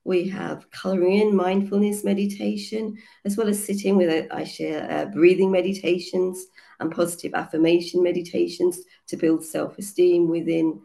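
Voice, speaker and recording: Hoarse woman with a gravelly voice. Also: fairly low pitch, dark tone. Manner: earnest, explains with many fillers. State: hoarse from a cold. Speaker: children's yoga teacher and book contributor. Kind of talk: casual online panel talk.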